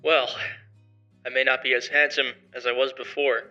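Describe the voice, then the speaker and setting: A man's voice: medium pitch, flat delivery, normal speed, sharp tone, highs cut off, soft background music. A young man voicing an arrogant male motivational streamer who speaks in a sarcastic, defiant, confrontational way in an amateur story drama. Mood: reflective.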